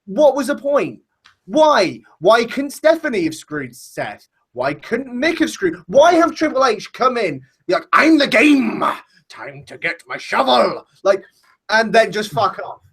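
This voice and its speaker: A man's voice: very high-pitched, sing-song, a little slow, a bit bright, breathy edge. A man hosting a casual wrestling discussion, ranting with plenty of swearing. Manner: profane, ranting. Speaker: podcast host.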